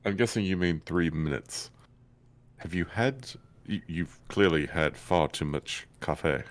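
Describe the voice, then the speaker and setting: A man voicing a calm, stern older male mentor at a tabletop game, low and measured. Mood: dry. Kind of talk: tabletop role-play in character.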